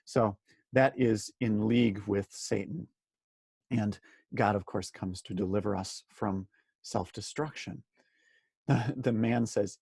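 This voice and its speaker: A man's voice: fairly low pitch, steady tone, takes it slowly, gravelly, darkish tone, slightly rough, dry recording, studio quality. A man leading a daily Bible study who talks earnestly, often asking rhetorical questions and repeating words for emphasis. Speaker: Bible teacher.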